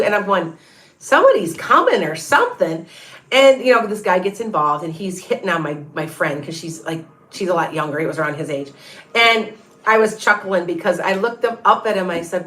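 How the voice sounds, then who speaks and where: A woman's voice: on the low side, lively intonation, a little fast, a bit bright. A middle-aged woman, a tarot reader, chatting casually to viewers on a livestream in a rambling way, full of restarts and asides.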